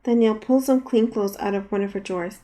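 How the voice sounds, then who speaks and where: A woman's voice: steady tone, quick pace, warm tone. A woman, the author, reading her novel aloud as an audiobook, lifting her voice for the characters' lines. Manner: reads dialogue with raised pitch and force. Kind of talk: audiobook narration.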